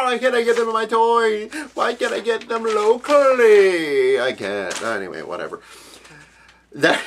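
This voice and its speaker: A man from Canada's Maritimes ranting profanely in a casual vlog, jumping between loud outbursts and low mutters. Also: slight background noise. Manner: profane, animated ranting with sudden pitch jumps. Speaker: video blogger.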